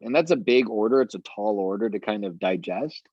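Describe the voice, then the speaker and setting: A man's voice: fairly low pitch, expressive, a little fast, no room sound, lo-fi sound. A man coaching a sales team on a video call, talking eagerly and rambling with lots of fillers.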